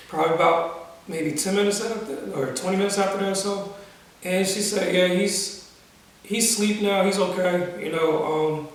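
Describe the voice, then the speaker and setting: A young man telling a personal story in a casual vlog, speaking slowly and emotionally with many pauses, restarts and casual slang. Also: fairly high pitch. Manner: casual slang-filled speech. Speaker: vlogger. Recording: roomy echo, voice from a distance.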